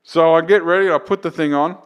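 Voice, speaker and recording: A man, a comedian guest on a casual podcast, telling a profane story that climbs to loud, excited retelling. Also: fairly high pitch, brisk, clean tone.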